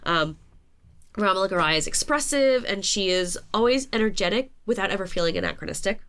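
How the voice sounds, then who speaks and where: Woman cohosting a podcast, talking thru her notes, pokes fun at herself, middle pitch. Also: expressive, brisk, a bit bright, smooth. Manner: chatty, self-mocking, often laughing at her own slips. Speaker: podcast co-host. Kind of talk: casual chat, talking through notes.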